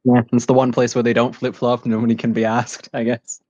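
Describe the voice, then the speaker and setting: A man's voice: mid-range voice, monotone, fairly quick, darkish tone, no room sound. A man in casual conversation, wry and teasing, asking pointed questions. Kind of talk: casual chat.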